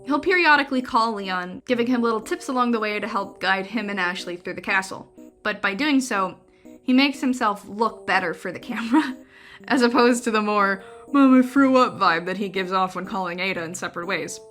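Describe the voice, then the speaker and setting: A young woman reads her own video essay script with a bright, clear voice. She keeps it wry and conversational, dropping dry jokes between points, with faint music under her. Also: medium pitch, brisk.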